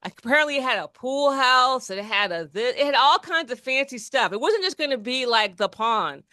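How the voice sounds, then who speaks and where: Chatty podcast lady, kinda high bright voice, rambles and restarts a lot, dry close mic. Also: lively intonation, normal speed, no echo. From New Jersey. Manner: rambling, many restarts and fillers, laughs often. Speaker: podcast co-host. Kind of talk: casual chat.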